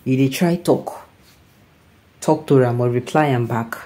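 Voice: medium pitch, a little slow, warm tone, low-quality recording. A news commentator with a Nigerian accent giving casual opinion commentary, often checking in with the listener through rhetorical questions. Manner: conversational, keeps asking "you understand?".

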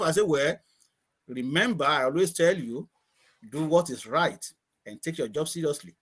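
Man from nigeria, high voice, rambling interview chat, repeats himself, laughs a lot. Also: expressive, normal speed, a bit bright, breathy edge. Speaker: guest.

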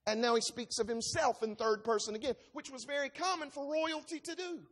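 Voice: sits high, steady tone, fairly quick, a bit bright. A preacher giving an expository sermon, reading scripture aloud and explaining it line by line with emphasis. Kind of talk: expository Bible-teaching sermon.

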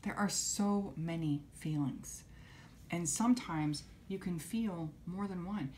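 A woman teaching young children, gently coaxing them to repeat simple phrases after her. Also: lowish voice, takes it slowly, slight background noise. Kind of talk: children's lesson.

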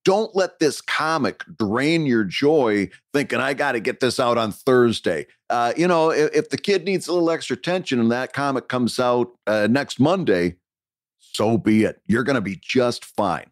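A man with an ordinary mid-pitched voice, chatting on a podcast he co-hosts. He encourages, laughs easily and explains things patiently, and the sound is dry and close, with no room echo. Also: animated, moderate pace. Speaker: podcast co-host. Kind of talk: casual chat. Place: home studio, recorded remotely.

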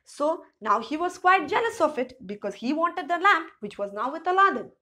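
Reading a children's story to her class, a woman teacher speaks in a high, sing-song voice that is bright and forceful, at a normal speed. After each sentence she restates it more simply and poses rhetorical questions to the students.

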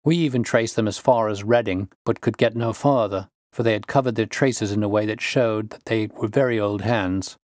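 A man's voice: fairly low pitch, normal speed, hardly any pauses, a little mellow, no room sound, clean studio sound, natural voice. A man doing a bluff, hearty police inspector.

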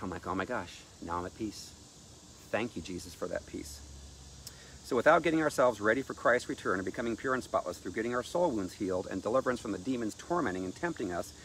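Emphatic low-voiced male preacher. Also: fairly bright tone, slight background noise. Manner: emphatic, reads scripture aloud. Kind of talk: sermon-style teaching.

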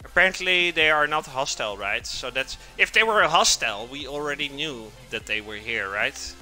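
Streamer host: man, bright and sharp-toned, animated, chatting with chat while cooking in a home kitchen, faint music behind. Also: mid-range voice, normal speed. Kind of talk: casual live-stream chat.

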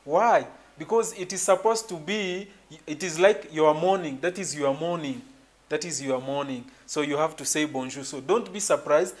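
A man teaching a French lesson at a whiteboard, explaining slowly and repeating himself often, with frequent fillers. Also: a little high. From Kenya.

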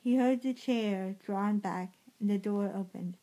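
A woman reading a story aloud in a halting way, often slipping and correcting herself. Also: medium pitch, warm tone, poor audio. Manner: halting, with frequent slips and self-corrections. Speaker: reader.

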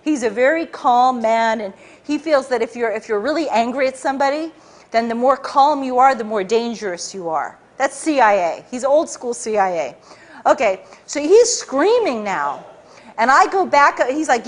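Lady with a high voice talking to a crowd, lively storytelling, keeps restarting her sentences. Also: moderate pace. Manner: animated, storytelling with many restarts. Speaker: author giving a public talk. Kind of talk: speech to a live audience.

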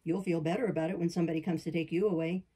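A woman's voice: on the low side, steady tone, very fast, dark tone, slightly rough, pitched below the performer's own voice, rough recording. A woman voicing a playful, good-natured young man in an audiobook, coaxing and teasing. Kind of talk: audiobook character reading.

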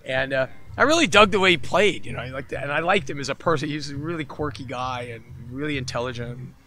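A man's voice: medium pitch, fast talker. A man, a musician guest in a casual interview, telling stories and acting out the voices of the people in them. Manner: animated storyteller who acts out other people's voices. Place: festival interview setting.

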